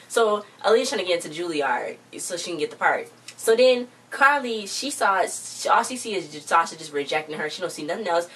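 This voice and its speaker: A woman's voice: on the low side, expressive, a little fast, few pauses, a bit bright, distant mic, a little hiss or hum. A woman chattily recapping a TV episode in a casual vlog, acting out the characters' lines as she retells them. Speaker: TV show recap vlogger.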